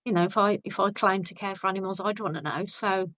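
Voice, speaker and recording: A woman guest on a podcast, chatting casually and telling stories in a blunt, animated way with frequent restarts. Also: medium pitch, fast talker, dry recording, low-quality recording. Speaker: podcast guest, vegan activist.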